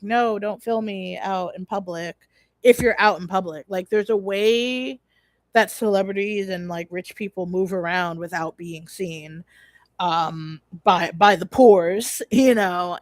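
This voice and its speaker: A woman's voice: medium pitch, dry recording. A young woman hosting a casual livestream, talking in a rambling, blunt way, full of fillers and restarts, with casual swearing. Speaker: livestream host.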